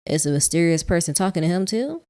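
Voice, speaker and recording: A woman hosting a let's play, reading a visual novel in the first person, softly, with casual asides. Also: on the low side, lively intonation, fast talker, clean tone.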